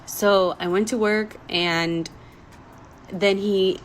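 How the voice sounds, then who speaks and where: A woman's voice: medium pitch, fairly even intonation, extremely slow, poor audio. A young woman recounts a story straight to camera in a loose, rambling way, her emotion close to the surface. She leans on "like" constantly. A faint hiss of background noise sits under her voice. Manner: emotional, rambling, many "like" fillers. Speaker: storytime vlogger. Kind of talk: casual storytelling.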